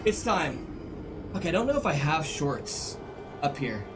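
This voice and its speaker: A man's voice: fairly high pitch, big pitch swings, moderate pace, music in the background, low-quality recording. A male game streamer chatting casually and joking with his live chat. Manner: joking, playful banter with chat.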